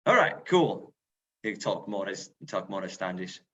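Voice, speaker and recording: Putting on a northern English accent, this museum role-player chats casually on a video call, fielding questions with many fillers and restarts. His low-pitched voice sounds pushed and bright, very animated yet measured in pace, and the call audio is dull and lo-fi.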